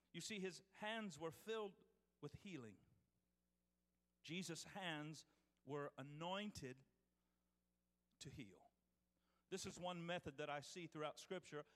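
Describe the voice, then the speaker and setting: A man's voice: a little high, a bit bright, in a large hall. A man preaching a sermon as pastor, reading scripture aloud with restarts and calling out to his congregation.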